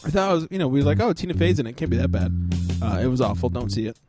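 Wry, jokey man with lively pitch. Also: rapid-fire, over loud music. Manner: wry, jokey, crude asides. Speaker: podcast co-host. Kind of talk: casual chat.

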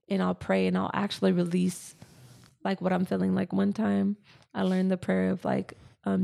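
A woman's voice: medium pitch, level tone, normal speed, creaky, dark tone. A woman co-hosting a casual spiritual podcast, telling personal stories earnestly and repeating phrases for emphasis. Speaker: podcast co-host.

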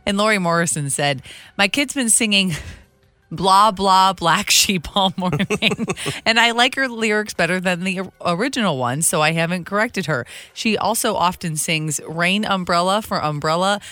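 Bright-voiced female radio co-host. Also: fairly low pitch, normal speed, no room sound. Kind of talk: morning radio banter. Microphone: studio mic.

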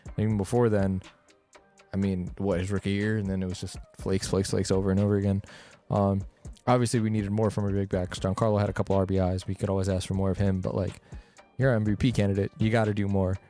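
Low-voiced man ranting about sports. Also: little pitch movement, fast, mellow, faint music behind. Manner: rambling, frustrated sports rant with fillers. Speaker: podcast co-host. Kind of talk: casual chat.

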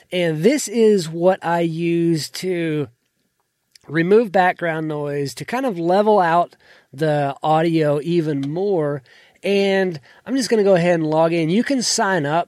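Male podcaster, casual tutorial delivery, not a deep voice, trailing sentence ends, dry desk-mic sound. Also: darkish tone, dry recording. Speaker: podcast host. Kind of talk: casual screen-share tutorial. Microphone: desk microphone.

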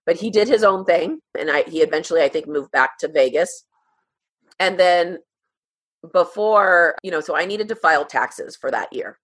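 A woman in her thirties, a podcast guest, telling a personal story in a halting, emotional way with many fillers. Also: lowish voice, expressive, a bit bright, husky.

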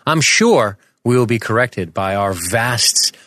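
Expressive and mid-range, this man's voice moves at a measured pace and sounds a bit bright, with no echo. He's an American in his forties co-hosting a podcast, casually chatting, joking, rambling and swearing into a studio microphone.

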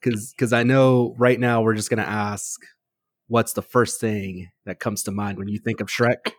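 Male co-host, deliberate questioner, dry close sound. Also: fairly low pitch, fairly even intonation, dry recording. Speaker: podcast co-host. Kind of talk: casual chat.

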